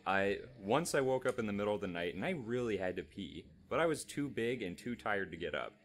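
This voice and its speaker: A man with a slightly low voice reads aloud during a casual gameplay show. His delivery is loose and jokey, with crude asides and frequent giggles. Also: big pitch swings, fairly quick.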